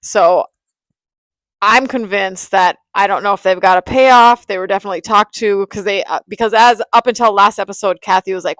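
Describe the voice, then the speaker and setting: A woman's voice: medium pitch, normal speed, fairly bright tone, no room sound, low-quality recording. A woman co-hosting a podcast, chatting casually and with strong opinions while recapping a reality show, often restarting her sentences. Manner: opinionated, talks in restarts and repeats. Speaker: podcast co-host.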